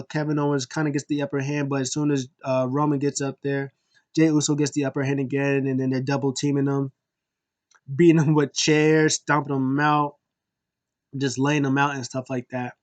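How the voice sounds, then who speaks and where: A man casually recapping a wrestling show, animated and acting out the wrestlers' lines in quick impressions. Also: on the high side.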